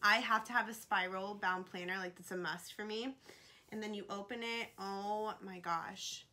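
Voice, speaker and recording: Young woman, vlogger, bright tense tone, gushing, emotional, filler-heavy casual chat. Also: medium pitch, steady tone, moderate pace.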